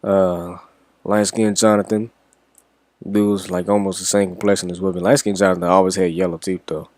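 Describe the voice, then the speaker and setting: A man's voice: deep voice, flat delivery, moderate pace, a little mellow, dry recording. A young man from Washington, D.C., telling a story in a casual, rambling way with plenty of swearing. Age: young adult. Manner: rambling, profane, laid-back. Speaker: reaction vlogger.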